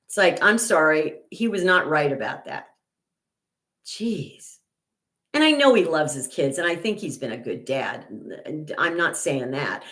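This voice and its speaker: Older lady rambling on her livestream, lots of fillers and restarts, lowish voice. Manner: indignant, gets loud and high when retelling an argument. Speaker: channel host. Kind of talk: casual livestream chat.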